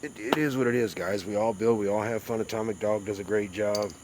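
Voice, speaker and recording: A man's voice: lowish voice, a little fast, noisy background. Folksy Southern man chatting to viewers. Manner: rambling, folksy, talks to chat viewers. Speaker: livestream host. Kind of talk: casual live-stream chat.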